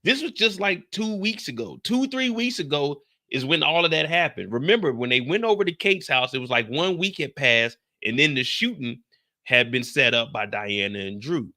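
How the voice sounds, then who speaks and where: A young man recapping a TV episode on a live stream, telling it in an animated, profane way and talking to his chat. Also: a little high, normal speed.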